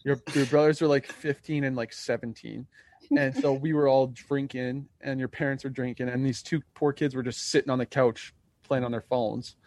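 A man's voice: mid-range voice, steady tone, normal speed, a little mellow, no room sound. Young man telling a laughing story. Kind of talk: casual chat.

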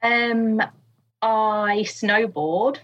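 A woman's voice: on the high side, steady tone, extremely slow, lo-fi sound. A woman guest on a podcast, chatting casually with lots of fillers and frequent laughs. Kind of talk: casual chat.

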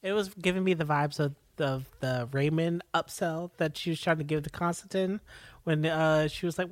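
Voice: mid-range voice, fairly even intonation, moderate pace, no room sound. Laughing podcast co-host, dry close sound. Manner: laughs often, acts out quoted lines. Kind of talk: casual recap chat.

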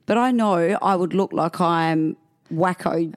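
A woman's voice: on the low side, slow pace. A woman co-hosting a podcast, chatting casually and telling funny stories with frequent laughs. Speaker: podcast co-host. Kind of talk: casual chat.

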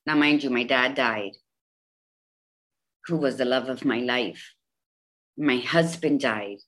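A woman in her fifties from Bridgeport, Connecticut, speaks candidly as an interview guest in a low-pitched voice. She tells her story slowly and emphatically, repeating phrases to drive her points home with animated energy.

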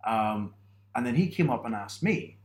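A man's voice: mid-range voice, animated, moderate pace, darkish tone. A man from Northern Ireland in a casual podcast chat, telling stories with self-mocking humour and frequent laughs.

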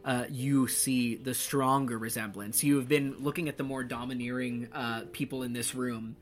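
A man's voice: mid-range voice, fairly even intonation, moderate pace. A man narrating a tabletop roleplaying game as game master, describing the scene vividly and laughing often.

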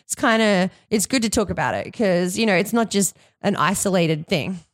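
A woman's voice: medium pitch, expressive, normal speed, dry recording. Easygoing woman, dry close mic. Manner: easygoing, lots of fillers like "you know". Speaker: podcast guest, musician. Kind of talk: casual chat.

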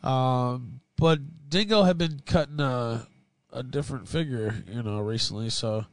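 A man with a Southern US accent hosting a casual livestream as moderator, rambling and chuckling often as his volume swings from loud to low. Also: a little slow, dry recording.

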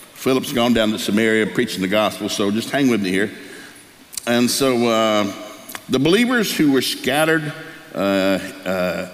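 Folksy pastor preaching in a church hall. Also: male voice, medium pitch. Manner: folksy, animated storyteller acting out voices. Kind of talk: sermon storytelling. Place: church sanctuary. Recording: live church hall with long reverb.

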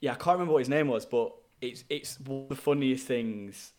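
Man, casual podcast co-host, chatty, laughs a lot, mid pitch. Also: darkish tone. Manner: chatty, laughs often, quick asides. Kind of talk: casual film review chat.

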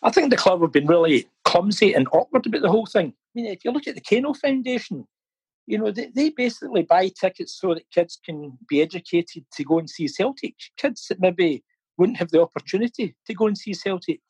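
Chatty man, husky and high. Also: expressive, fairly quick, a little mellow, no room sound, low-quality recording. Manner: chatty, laughs often, repeats words while thinking. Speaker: interview guest, fan campaigner. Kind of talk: casual storytelling interview. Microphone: phone or video call.

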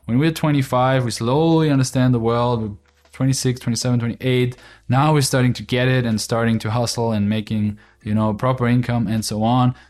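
A man's voice: medium pitch, steady tone, brisk, a little mellow. A young man with an Austrian accent, hosting a podcast as a casual monologue, blunt and informal and swearing freely. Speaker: podcast host.

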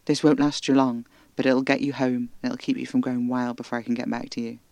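A man's voice: medium pitch, completely flat delivery, brisk, creaky, a little mellow, no echo, lo-fi sound, lightly acted. Man voicing a scolding male vampire. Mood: dismissive. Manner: scolding, insistent. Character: domineering male vampire, exasperated and protective.

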